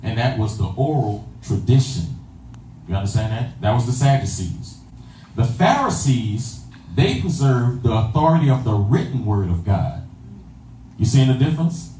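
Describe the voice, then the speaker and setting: Heard from a distance in an echoey room with faint ambience and a little hiss or hum, a man delivers a sermon at normal speed. His mid-range voice is warm with lively intonation, and he repeats phrases, engaging the congregation call-and-response style with "you understand that?"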